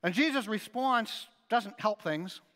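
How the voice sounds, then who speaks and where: A man delivers a sermon in an animated, conversational manner, his voice pitched high and swinging widely. His tone is bright and forward. The sound carries the long reverb of a big hall. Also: a little slow. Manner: animated, conversational preaching with frequent "right?" asides. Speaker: pastor.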